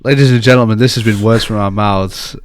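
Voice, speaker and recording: A man's voice: lowish voice, fairly even intonation, fairly quick, no echo. A man co-hosting a podcast, answering with dry, teasing banter. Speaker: podcast co-host. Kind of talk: casual chat.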